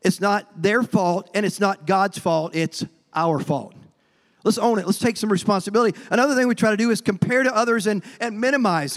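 This male pastor preaches a folksy sermon at a high pitch and a little fast, acting out quotes and stumbling over words he repeats. His church sanctuary adds a long hall reverb.

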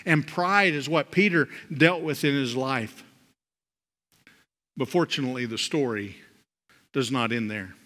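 A man preaching a sermon, swinging from loud, rising emphasis to soft, low drops. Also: a little slow, long pauses. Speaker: pastor. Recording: long hall reverb.

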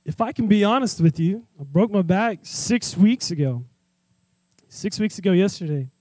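A man preaching a sermon in an animated, conversational way, candid and personal with his listeners. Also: high-pitched, normal speed, dry recording. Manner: animated, conversational, acts out scenes.

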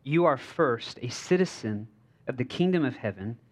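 A man preaching from a church stage in a loose, chatty way. He jokes, drops fillers like "like" and "uh," and keeps asking the crowd if they follow him. His pitch sits in an ordinary middle range for a man. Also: animated, normal speed. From United States. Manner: casual and joking, with many fillers and checks on the crowd. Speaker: pastor. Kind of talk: conversational sermon.

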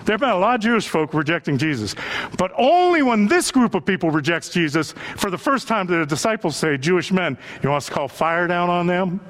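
Male pastor, sermon delivery, high and very lively pitch, plays the characters he quotes. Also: a little fast. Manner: animated preaching, acts out quoted voices.

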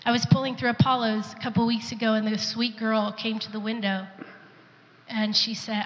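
Bright-voiced woman preaching in an echoing hall. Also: fairly high pitch, steady tone, moderate pace, lo-fi sound. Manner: earnest, acts out quoted voices. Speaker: pastor's wife sharing testimony. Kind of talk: sermon testimony.

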